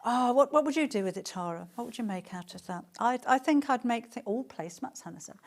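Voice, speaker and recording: A middle-aged woman presenting on a live shopping stream. She chats warmly about the fabric and reads out viewer comments as she goes. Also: on the high side, expressive, a little fast.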